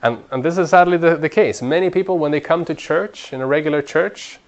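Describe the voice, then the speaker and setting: A man teaching a training class in an earnest way, repeating words as he builds a point and growing animated when he urges people on. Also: a little high, a little fast, lo-fi sound. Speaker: Bible study trainer.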